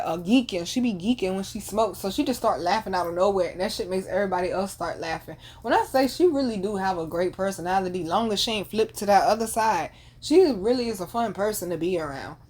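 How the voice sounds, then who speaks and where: A podcast host in her thirties tells a family story in casual slang, swearing and laughing all the way through. Her voice sits at a middle pitch, and her delivery is animated and unguarded.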